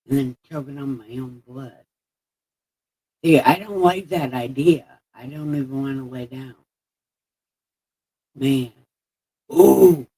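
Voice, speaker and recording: Her mouth sore and missing teeth after extractions, a woman live-streams casual chat in a slurred, lisping voice, rambling, cursing freely and laughing at herself. The voice is low-pitched, husky and darkish, captured on a rough recording.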